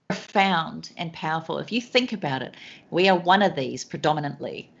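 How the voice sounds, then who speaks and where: A woman is a guest on a podcast, talking in an enthusiastic, anecdotal way full of examples. Her voice sits fairly low. The recording has a dull, lo-fi quality. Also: moderate pace, vocal fry. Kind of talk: storytelling in a podcast interview.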